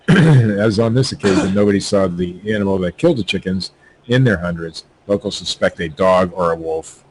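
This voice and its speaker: A man's voice: low-pitched, normal speed, a little hiss or hum, poor audio. A man hosting a podcast, reading news stories aloud with stumbling, joking asides. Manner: stumbling, laughing at his own jokes. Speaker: podcast host.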